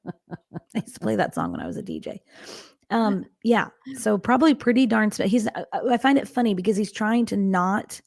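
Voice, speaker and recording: A woman co-hosting a true-crime podcast, telling the case with wry dark humor. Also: medium pitch, creaky, no echo, clean studio sound. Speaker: podcast co-host and storyteller. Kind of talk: casual true-crime storytelling.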